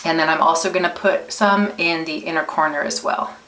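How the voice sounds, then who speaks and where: A woman's voice: deep voice, fairly even intonation, fairly quick, bright, forceful tone. A woman giving a casual makeup tutorial, chatty and explaining each step with small restarts. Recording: roomy echo.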